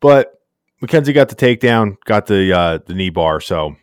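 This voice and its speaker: A man's voice: lowish voice, expressive, normal speed, clear, resonant tone, no echo, clean studio sound. A man co-hosting a casual sports podcast, laid-back and slangy, rambling through recaps. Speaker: podcast co-host.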